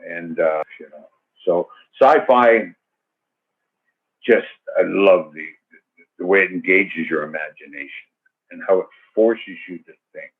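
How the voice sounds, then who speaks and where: A man's voice: sits low, breathy edge. An older man answering student questions in a loose, rambling way, full of fillers and restarts, over a call. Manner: rambling and verbose, many fillers. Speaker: guest actor. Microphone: video call. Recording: tinny phone-like video call audio.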